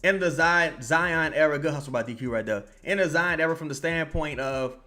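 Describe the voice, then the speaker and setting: A man's voice: a little high, brisk, soft background music. A young man, streaming commentary on a basketball game. He curses, repeats himself and greets chat viewers by name. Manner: profane, excitable, yells at the players then calms down. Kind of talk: live-stream watch-along commentary.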